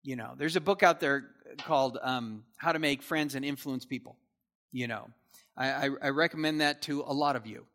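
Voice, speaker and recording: Man, Bible teaching, verse by verse, bright forceful tone, casual asides. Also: mid-range voice, moderate pace. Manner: casual asides and rhetorical checks with the listeners.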